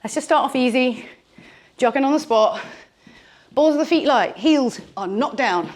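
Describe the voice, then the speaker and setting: A woman's voice: high voice, animated, moderate pace. A woman leading a bodyweight workout as a fitness instructor, chatty and encouraging, a little out of breath, speaking into a clip-on mic. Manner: chatty, encouraging, jokey coaching. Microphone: clip-on microphone on her t-shirt.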